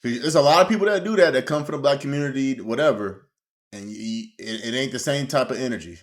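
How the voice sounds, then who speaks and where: A man casually reacting to a clip as host, slangy and animated, talking while eating. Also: medium pitch, fast.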